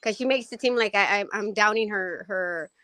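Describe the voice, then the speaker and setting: A woman calling into a live panel chat, talking in a rapid-fire rush and stumbling over her words. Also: mid-range voice, sharp tone. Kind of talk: casual chat.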